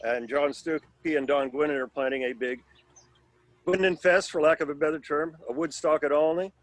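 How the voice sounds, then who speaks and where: A man's voice: fairly high pitch, steady tone, moderate pace. Wry older man telling reunion stories. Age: 60s. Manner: rambling, wry, self-deprecating humor. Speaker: alumnus at class reunion. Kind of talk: casual anecdote on video call. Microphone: video call.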